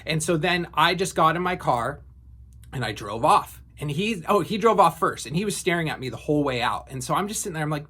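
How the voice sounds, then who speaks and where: A man's voice: fairly high pitch, expressive, fairly quick, pushed and bright, breathy edge. A man in his thirties telling a personal story in a casual, reflective way, with frequent fillers and restarts. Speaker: vlogger.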